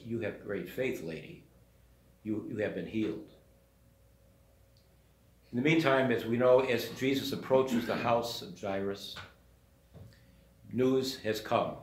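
A male priest preaching at a slow, unhurried pace, telling the story conversationally and slipping into the voices of the people in it. His voice sits at an ordinary middle pitch and rings out in a reverberant church room. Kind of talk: sermon.

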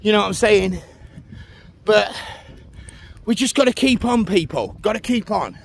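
A man's voice: high voice, lively intonation, a little slow, gravelly, slight background noise. A man chatting on a casual walk-and-talk vlog while out of breath, filmed outdoors on a phone as he walks along a village road. He keeps asking the viewer "you know what I mean". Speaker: vlogger.

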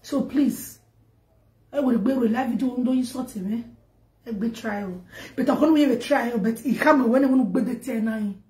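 A woman's voice: on the high side, normal speed, darkish tone. A Nigerian woman on social media, ranting to camera in an emphatic, scolding way that repeats itself. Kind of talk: direct-to-camera rant. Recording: echoey room.

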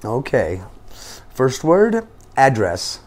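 A man from Las Vegas with an American accent, calmly reading words aloud. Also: medium pitch, very slow. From Las Vegas, USA.

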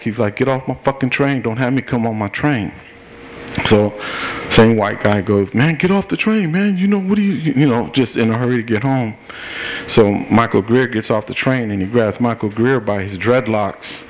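A man's voice: fairly low pitch, a little hiss or hum. A middle-aged man, an activist at a public forum, giving a plain-spoken personal account step by step and acting out what each person said. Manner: plain-spoken, recounts events step by step and acts out what people said. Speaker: activist speaking at a political forum. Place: forum meeting room.

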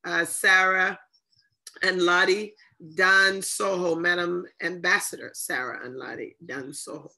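A woman hosts an online inauguration over a video call, her voice bright and clear. She talks in long strings of thanks and praise, with plenty of ums along the way. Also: lowish voice, steady tone, unhurried. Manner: effusive, many fillers and thanks. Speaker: ceremony host. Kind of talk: emotional ceremony hosting on a video call.

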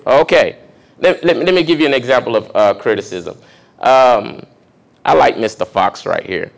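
A man's voice: mid-range voice, expressive, moderate pace, gravelly. A young adult man, a pastor, giving a conversational sermon and checking in with the congregation with questions. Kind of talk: sermon teaching.

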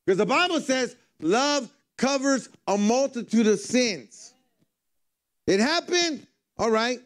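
Very high-pitched and expressive, this man takes his time as he preaches. It's a conversational church sermon in which he tells humorous stories.

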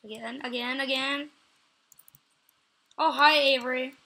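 A woman giving live gameplay commentary as a channel host, excitable, repeating phrases over and over and yelling out when she catches something. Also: high voice, unhurried.

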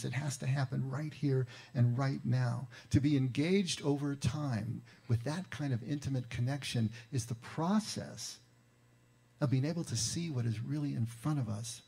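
A man preaching an Easter sermon as pastor, telling the story in a conversational, emphatic way and slowing down on key words. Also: medium pitch, gravelly, mellow.

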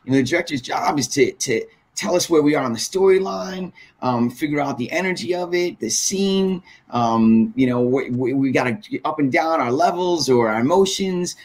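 A man's voice: on the high side, animated, moderate pace, hardly any pauses. A man recalling his dubbing work as a guest, thoughtful and full of fillers. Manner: reflective, many fillers. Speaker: voice actor guest. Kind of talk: casual chat.

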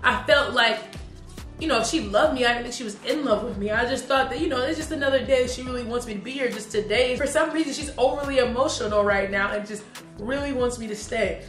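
A woman's voice: fairly high pitch, fast talker, fairly bright tone. A young woman co-hosting a couple's vlog, chatting in a playful, teasing way and speaking to the viewers directly. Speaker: co-host of a couple's channel. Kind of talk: casual chat. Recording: echoey room with faint music.

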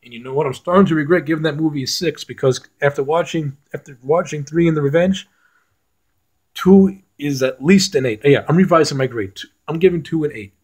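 A man's voice: on the high side, brisk, a little mellow, breathy edge. A man reviewing films in a casual rant, blunt and profane, often restarting his sentences. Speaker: film reviewer.

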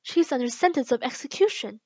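A woman's voice: sits high, animated, a little fast, no echo, muffled recording. A woman doing a nervous White Rabbit. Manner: timid, hushed.

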